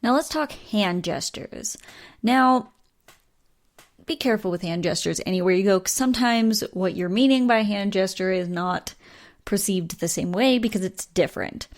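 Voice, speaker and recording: A woman's voice: medium pitch, normal speed. A woman from the United States hosting a podcast solo, chatting casually with many fillers and small laughs. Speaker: podcast host.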